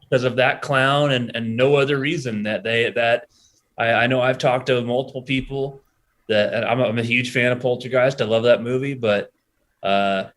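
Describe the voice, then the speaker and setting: A man's voice: medium pitch, fairly even intonation, moderate pace, a bit bright. Rambling man with many fillers. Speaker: podcast co-host. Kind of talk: casual chat.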